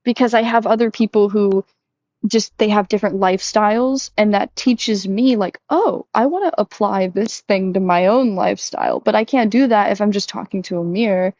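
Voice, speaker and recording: A young woman talking casually and candidly to her audience, full of fillers, who jumps up in pitch when she acts out quoted lines. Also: moderate pace, a little mellow, no echo, muffled recording. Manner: chatty, lots of "like", acts out quotes in a higher voice. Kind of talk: casual confessional chat.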